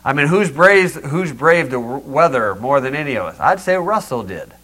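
A man delivers a sermon in a small church, his voice bright and ringing, a touch higher than most men. He drives home each point with sharp rhetorical questions and lightens it with down-home humor. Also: expressive, moderate pace. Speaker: pastor.

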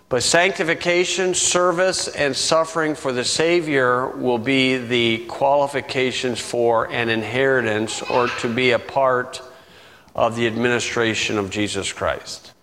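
A man preaching a sermon, teaching verse by verse in a conversational way, with chuckling asides and key words drawn out slowly. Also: medium pitch, fairly bright tone. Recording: long reverb from the room.

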